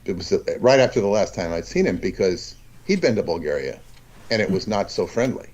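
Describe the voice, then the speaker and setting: Man, very low voice, rambling, halting, casual conversation. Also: sing-song, a little mellow, highs cut off. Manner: rambling, halting, many restarts. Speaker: guest.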